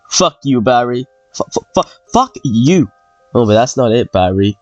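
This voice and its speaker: A young man in loud, crude gaming banter whose voice swings widely in pitch. He jokes and yells at friends over a headset as he plays. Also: moderate pace, no room sound, muffled recording, faint music behind. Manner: loud, crude, animated joking. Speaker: gamer.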